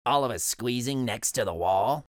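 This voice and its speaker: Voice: medium pitch, lively intonation, normal speed, no echo, studio quality, pitched below the performer's own voice, close to an everyday voice. A storybook reader voicing a wry, grumbling male fox who mutters sarcastic asides. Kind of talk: storybook read-aloud.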